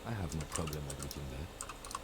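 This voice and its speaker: An actor playing a calm, precise male police lieutenant, speaking in a measured, dry and formal way in a video game. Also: very deep voice. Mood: composed. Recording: game audio with clear background noise.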